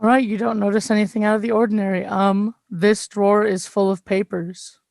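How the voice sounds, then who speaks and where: A woman narrating a tabletop game as game master, relaxed and hesitant, with many pauses. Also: mid-range voice, creaky, dry recording.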